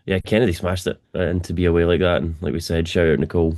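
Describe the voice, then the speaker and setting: A man's voice: low-pitched, flat delivery, fast talker, darkish tone. A man with a Scottish accent chatting as an interview guest, laid-back and swearing casually. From Scotland. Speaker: band drummer, guest.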